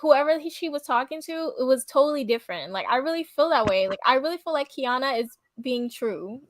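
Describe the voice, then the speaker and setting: A woman's voice: high voice, lively intonation, brisk, dry recording. A woman co-hosting a wrestling review show, teasing and blunt in casual chat.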